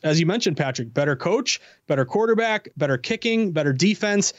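A man speaks as a sports betting analyst guest, quick and eager with a self-deprecating touch. His voice sits a little high. The sound is dry and dull, like a slightly lo-fi remote line. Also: animated, no echo. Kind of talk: casual sports betting talk.

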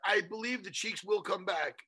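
A male co-host chats in a matey, sweary way and calls everyone "dude". His voice is high and bright, with a husky, gravelly edge. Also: normal speed. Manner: chummy, sweary, says "dude". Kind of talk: casual banter.

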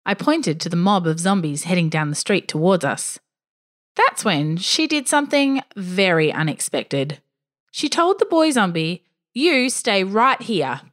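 A woman's voice: lowish voice, a little slow. Woman narrating a story, lots of up and down in her voice, wry dry asides. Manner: expressive, dryly wry first-person telling.

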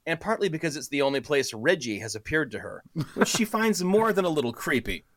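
A man's voice: on the high side, sing-song, a little fast, fairly bright tone. A man playfully narrating a comedic story, reading it aloud with a co-reader. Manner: playful, laughs between lines.

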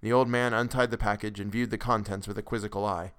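A man narrating a classic story as a podcast host, in a measured, expressive way. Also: lowish voice, smooth. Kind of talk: dramatic storytelling reading.

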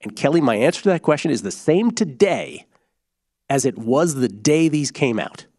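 A man hosting a sports betting podcast, explaining bets in an animated, casual way with quick asides. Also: medium pitch, dry recording, clean studio sound.

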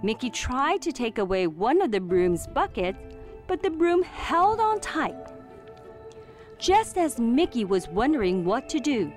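Woman storybook reader, high and sing-song, unhurried, clear diction. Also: faint music behind. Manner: expressive, clearly enunciated reading. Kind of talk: children's storybook read-aloud.

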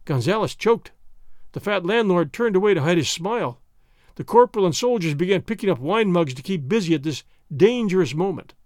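A man narrating a classic adventure story in a measured storytelling way. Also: high-pitched, animated, a little mellow, no echo, studio quality. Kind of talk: dramatic audiobook narration.

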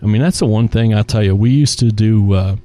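A man's voice: on the low side, brisk. A man, a restaurant executive guest in a casual interview, telling work stories and acting out the dialogue. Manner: animated storyteller acting out quoted dialogue.

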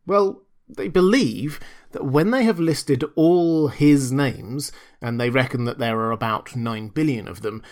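Guy reading as a jittery young engineer, earnest and worried, kinda drawn out. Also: mid-range voice. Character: nervous urgent young male computer engineer.

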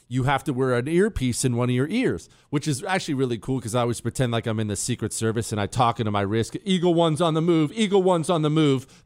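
A man hosting a talk radio show, riffing casually in an animated, sarcastic and self-mocking way. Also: medium pitch.

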